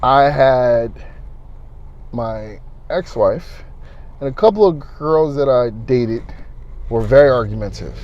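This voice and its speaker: A man giving casual relationship advice in a talkative, animated way, shifting between loud and quiet. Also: medium pitch, takes it slowly, pauses often, dull audio.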